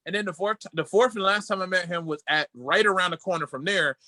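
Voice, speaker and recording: A man co-hosting a casual podcast over a video call, telling excited stories and quoting people in a lowered voice. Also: fairly quick, dry recording. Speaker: podcast co-host.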